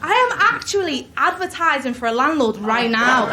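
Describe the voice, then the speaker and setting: A woman's voice: high-pitched, animated, normal speed, few pauses. A woman comedian doing a sarcastic, mock-earnest satirical monologue on a live stage, laughing through her lines. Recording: echoey room, loud crowd and noise.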